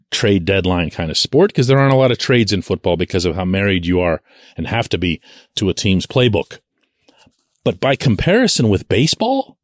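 A man hosting a solo sports podcast, talking in an incredulous, animated way and acting out mock fan voices. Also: medium pitch, no echo, studio quality.

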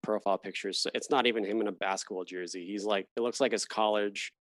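A man hosting a casual sports podcast, chatty and quick to laugh, often trailing off mid-thought. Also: lowish voice, steady tone, no room sound. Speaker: podcast host. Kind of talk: casual chat.

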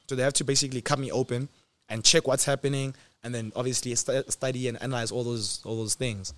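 A young man hosts, telling a personal story in a casual way, laughing often and acting out the people involved, including the doctors' lines. He speaks fast at a medium pitch, and the recording is dry and animated in tone.

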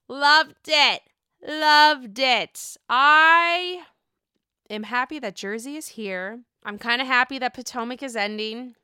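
A woman recapping a reality TV episode in casual, profane, excitable chat from home. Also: on the high side, clear, resonant tone, no echo, studio quality. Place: home, dogs upstairs.

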